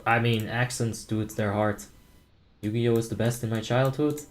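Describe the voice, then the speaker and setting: With faint music behind him, the young Dutch gamer talks at a moderate pace in a medium-pitched voice with fairly even intonation. He's relaxed and jokey on stream, voicing chat messages, laughing often, and calling out raid strategy.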